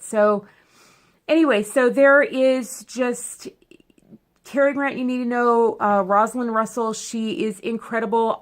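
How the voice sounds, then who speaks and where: A woman talking casually to her viewers. Her voice is gravelly, with a lot of vocal fry. She rambles from one tangent to the next and stays emotional and expressive throughout. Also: mid-range voice. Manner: rambling and chatty, full of tangents and self-corrections. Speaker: vlogger. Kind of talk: casual chat to camera.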